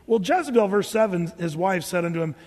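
A man's voice: high-pitched, animated, fairly quick, a little mellow, long reverb tail. A man preaching a sermon, telling the story with humor and acting out the characters. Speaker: pastor.

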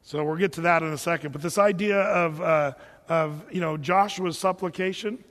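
A man teaching through a Bible chapter as a pastor, conversational and animated, acting out the quotes. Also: a little high, normal speed. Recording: long hall reverb.

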